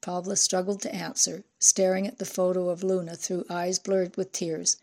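A woman narrating an audiobook in a measured, even way. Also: fairly low pitch.

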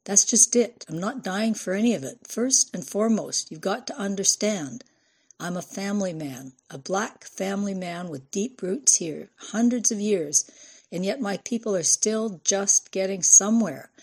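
A woman's voice: mid-range voice, normal speed, darkish tone, husky. A woman reading the part of a wary, earnest family man speaking to a reporter.

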